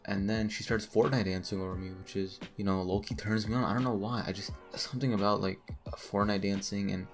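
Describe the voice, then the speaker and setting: A man's voice: fairly low pitch, steady tone, brisk, few pauses, soft background music. A man telling a crude, joking story in a casual, rambling way, full of asides. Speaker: storytime vlogger.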